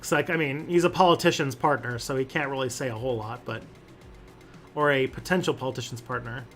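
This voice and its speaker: A man's voice: mid-range voice, a little fast, fairly bright tone, soft background music. A man hosting a casual livestream and answering chat questions, rambling with lots of fillers and restarts.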